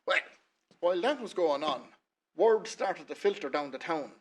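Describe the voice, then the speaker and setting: A man's voice: on the high side, lively intonation, moderate pace. A man with an Irish accent tells a local folk tale in a chatty, rambling way, full of "he says" asides. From Ireland. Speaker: storyteller. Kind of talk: folksy spoken storytelling.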